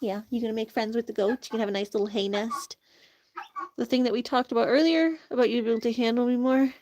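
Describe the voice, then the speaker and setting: A woman's voice: on the high side, steady tone, fast talker, a little mellow. Woman cooing sweetly at farm animals. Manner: coos to animals in a sweet, raised voice, laughs often. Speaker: animal keeper. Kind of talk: casual chat to animals while feeding.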